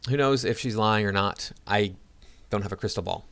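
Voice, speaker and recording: A man's voice: on the low side, normal speed, a bit bright. A man giving casual reaction commentary to his viewers, rambling with many fillers and restarts. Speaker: video commentator.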